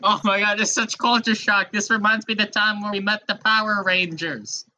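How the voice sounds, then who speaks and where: A podcast co-host riffing through improvised comedy bits, excitable and quick to laugh. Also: mid-range voice, very noisy.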